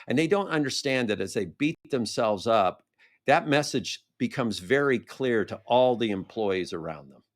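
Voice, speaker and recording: Man telling a story in a steady voice. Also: medium pitch, moderate pace. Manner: animated storyteller acting out quoted dialogue. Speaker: guest, brand strategist. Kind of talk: storytelling in a podcast interview.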